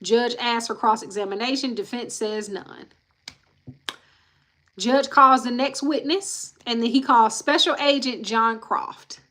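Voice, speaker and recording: Bright-voiced woman recapping court testimony live. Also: a little high, measured pace. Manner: reads quotes plainly, breaks off with sighs and blunt asides to viewers. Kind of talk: casual live-stream recap, reading quotes aloud. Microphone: live-stream mic.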